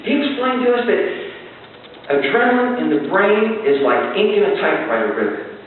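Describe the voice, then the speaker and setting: A man telling a folksy story to a live audience, with an animated delivery and shouted recitations. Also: high voice, normal speed. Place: large hall with live audience. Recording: distant echoey hall, phone-like sound, faint hiss.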